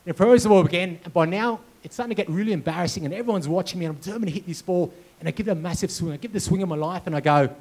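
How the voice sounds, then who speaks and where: A man's voice: high voice, racing, hardly any pauses, darkish tone. A man giving a storytelling keynote speech, acting out dialogue and sound effects as he goes. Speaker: keynote speaker. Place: conference hall with audience.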